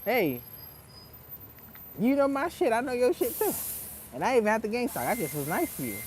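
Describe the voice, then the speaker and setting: A man's voice: very high-pitched, normal speed, slight background noise. A man telling a story in a casual, profane rant as a vlogger, breaking into laughs. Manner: animated, profane, laughs between lines.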